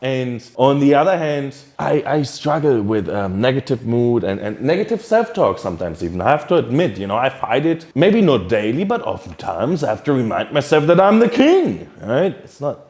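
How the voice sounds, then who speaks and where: Lively man coaching meditation. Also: moderate pace, few pauses. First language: German. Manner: earnest, coaching tone with frequent "all right?" check-ins; drops low and soft while guiding the breathing. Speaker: self-improvement vlogger. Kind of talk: talking to camera, teaching meditation.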